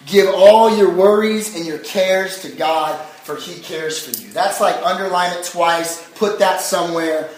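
A man's voice: high-pitched, unhurried, hardly any pauses. A young man preaching a sermon in a casual, chatty way, full of fillers, as a pastor. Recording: echoey hall from far off.

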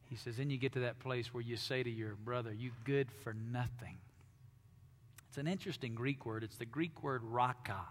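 A man preaching a sermon to his congregation, dropping to hushed tones and rising to loud, forceful peaks. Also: mid-range voice, normal speed, big-room sound, a little hiss or hum. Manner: dynamic preaching, drops to hushed tones then swells loud. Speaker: pastor. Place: church sanctuary.

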